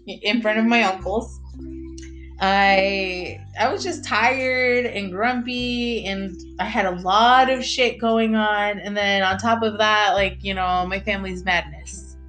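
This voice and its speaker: Young woman, candid vlog confession, foul-mouthed and rambling, mid-pitched. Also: fairly bright tone. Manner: blunt, profane and rambling, with many fillers. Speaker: mother sharing her mental health struggles.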